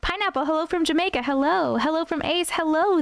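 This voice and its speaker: A woman's voice: extremely high pitch, brisk, vocal fry, no room sound. A woman hosting a live stream, greeting her chat viewers one by one in a bubbly, playful way. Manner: bubbly, playful, trying silly accents. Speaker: host of a live stream reading weird stories.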